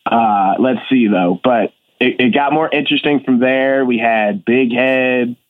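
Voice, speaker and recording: A man's voice: mid-range voice, measured pace. Man calling in over a tinny phone line. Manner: teasing, affectionate. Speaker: guest, brother of co-host. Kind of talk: casual chat.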